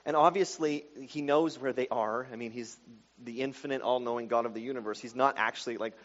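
A man preaching a sermon, moving between quiet explanation and loud, emphatic passages. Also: medium pitch, fairly quick. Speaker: pastor. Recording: dull sound with long hall reverb.

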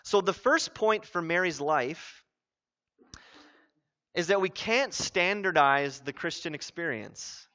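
Pastor, man, bright, high voice, earnest, chatty sermon delivery, dull lo-fi recording. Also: slow pace. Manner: conversational, earnest, animated. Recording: dull lo-fi sound.

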